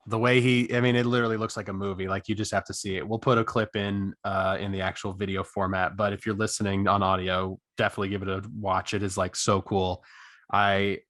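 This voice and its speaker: A man's voice: on the low side, level tone, a little fast, a bit bright, no echo, clean studio sound. A young American man with an American accent, co-hosting a podcast in upbeat, casual chat. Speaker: podcast co-host.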